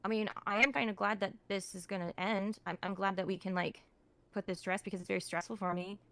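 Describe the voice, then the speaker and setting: Woman guest, mid-pitched, on the back foot in a heated stream argument, rambling and exasperated. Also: steady tone, quick pace, fairly bright tone, dry recording. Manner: defensive, exasperated, filler-heavy. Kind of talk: heated livestream debate.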